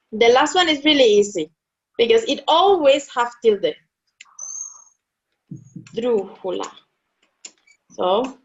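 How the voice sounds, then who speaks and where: A woman tutoring a Spanish lesson, patiently explaining rules step by step, repeating key words and checking that her student follows. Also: fairly high pitch. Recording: dull lo-fi sound.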